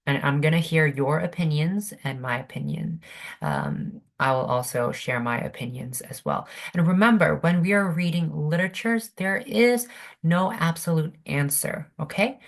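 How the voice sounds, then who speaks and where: Woman, literature teacher, online class, patient, slow, low voice, computer mic. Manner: slow, patient, checks in with students. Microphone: computer mic on video call.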